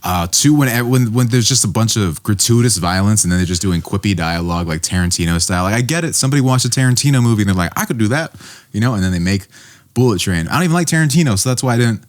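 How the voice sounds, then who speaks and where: A man co-hosting a casual podcast chat, telling stories with lively put-on quotes of other people. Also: fairly low pitch, very fast. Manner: animated storyteller, mimics people mid-rant. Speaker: podcast co-host. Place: small podcast studio.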